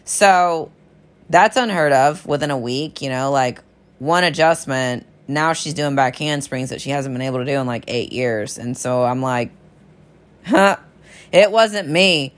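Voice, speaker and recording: A woman's voice: rumbling low, normal speed. A woman health practitioner chatting enthusiastically about her patients in a casual storytelling monologue, often calling her listeners y'all.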